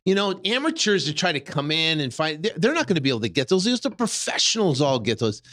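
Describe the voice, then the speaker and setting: A man's voice: on the high side, fast talker. Man in his fifties telling a story. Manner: animated, many fillers and restarts, acts out his own reactions. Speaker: real estate investor and podcast host. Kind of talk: casual first-person storytelling.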